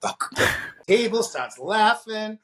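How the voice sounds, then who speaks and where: A middle-aged man from the Boston area, a guest drag performer, telling animated stories and acting out the voices of the people in them. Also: sits high, slow pace. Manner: animated storyteller, acts out quoted voices. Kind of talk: storytelling interview.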